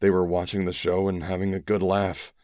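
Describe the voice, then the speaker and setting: A man reads first-person narration in a very deep, grave voice, measured and steady. The recording is close and completely dry. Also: smooth, no echo. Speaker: audiobook narrator.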